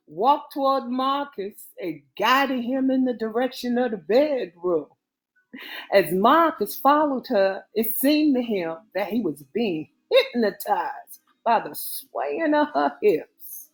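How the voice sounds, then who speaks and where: A woman narrating a romance novel aloud in a measured, expressive way. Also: mid-range voice, slightly rough, soft background music. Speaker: audiobook narrator.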